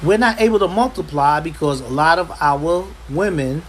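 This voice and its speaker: A man with a somewhat high voice preaches to his Bible class, forceful and insistent. He drives each point home by repeating it, with a faint hum of air conditioning behind him. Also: normal speed, poor audio. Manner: forceful, repeats "understand" for emphasis. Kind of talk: impassioned preaching. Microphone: livestream.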